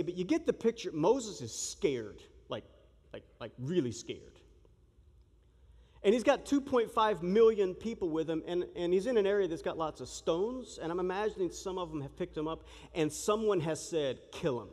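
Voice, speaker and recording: A man preaching a sermon in an animated, joking way, acting out the shouting crowd as he tells the story. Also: sits high, moderate pace. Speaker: pastor. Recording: long reverb of a large hall.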